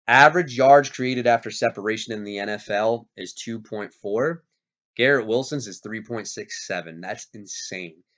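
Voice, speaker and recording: A man hosting a fantasy football league show, talking casually with animated, self-correcting energy while getting over being sick. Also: lowish voice, normal speed. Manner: animated, hyped, self-interrupting. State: recovering from illness, coughing. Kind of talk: casual fantasy sports talk. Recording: dull lo-fi sound.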